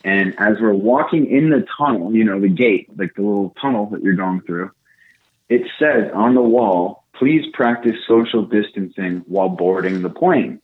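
A young man telling a casual story, animated and profane, acting out what people said. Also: fairly low pitch, moderate pace. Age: young adult. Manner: animated, profane, acts out quotes. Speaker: podcast co-host. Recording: tinny phone-like line.

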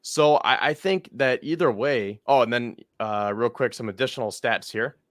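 A man's voice: medium pitch, normal speed, a bit bright, dry recording. Man rattling off team stats, dry sound. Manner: reads off stats in a rambling, self-correcting way. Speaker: podcast co-host. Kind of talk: casual sports podcast chat.

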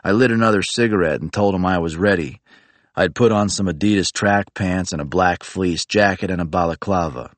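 A man narrating a first-person audiobook in a low-key, matter-of-fact way. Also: moderate pace, no room sound.

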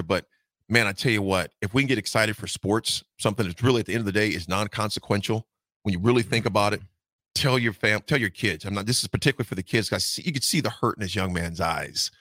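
A man's voice: lowish voice, fast talker, fairly bright tone, no echo. A man co-hosting a morning radio show, talking earnestly and from the heart to listeners.

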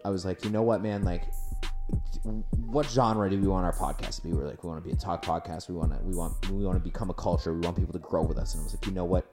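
A man's voice: sits low, steady tone, fast, over music. A young Canadian man hosting a podcast, telling rambling stories in casual chat and laughing often. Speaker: podcast host.

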